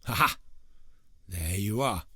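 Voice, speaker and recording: Loud gloating troll guy, hungry and bossy, a bit raspy, storyteller man doing him. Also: on the low side, animated, slow, no room sound, heavily acted. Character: hungry boastful male bridge troll.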